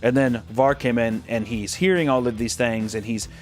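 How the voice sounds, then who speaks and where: Man, host, casual storytelling, sarcastic and joking, swears, mid-pitched voice, faint music behind. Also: steady tone, moderate pace.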